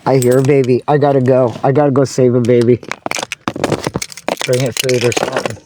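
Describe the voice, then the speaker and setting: A woman's voice: extremely low pitch, level tone, brisk. A woman talking to herself as she walks outdoors, swearing under her breath and cooing at cats in a sing-song voice. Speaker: vlogger. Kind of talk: casual self-narration while out walking. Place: outdoors in a neighborhood street. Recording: outdoor recording with clear background noise.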